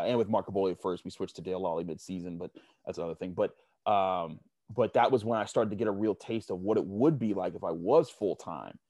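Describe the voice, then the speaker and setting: Low-pitched man guest, rambling storyteller, dry close sound. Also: a little mellow, dry recording. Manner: rambling, many restarts and fillers. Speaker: sports media guest. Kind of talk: casual storytelling interview.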